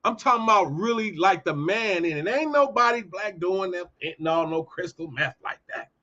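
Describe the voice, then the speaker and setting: A man hosting a casual commentary monologue, heated and ranting, jumping from loud outbursts to low muttering. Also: animated, normal speed. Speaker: commentary host. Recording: dull lo-fi audio.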